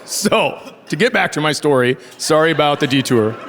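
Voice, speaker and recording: His voice is on the high side, fairly bright, with lively intonation at a normal speed and slight background noise. The man, in his forties, does stand-up on a handheld stage mic, spinning sarcastic family tales and voicing the dialogue while a live audience laughs.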